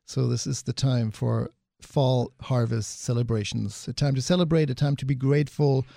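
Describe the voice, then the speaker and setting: A man hosting a radio talk show, speaking calmly and reflectively with a few "um"s. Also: mid-range voice, normal speed, vocal fry, no room sound, clean studio sound. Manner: calm, reflective, with "um"s. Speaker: radio host.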